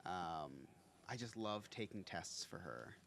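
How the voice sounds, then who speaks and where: Podcast dad type, jokey and laughy, voice bounces all over, lots of restarts. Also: male voice, sits low, animated, takes it slowly, vocal fry, fairly bright tone, slight background noise. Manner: joking, laughs often, rambling restarts. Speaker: podcast co-host. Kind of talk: casual podcast chat.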